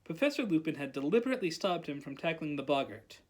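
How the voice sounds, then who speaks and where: A librarian talks fast and rarely pauses as she reads a novel aloud at storytime. Her voice is mid-range, and she delivers the characters' lines with animated flair.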